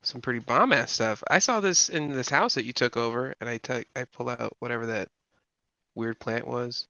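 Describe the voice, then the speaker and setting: A man's voice: mid-range voice, moderate pace, creaky, sharp tone, no echo, highs cut off. Man playing a brash, blunt adventurer. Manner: blunt, jokey. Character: brash streetwise male adventurer.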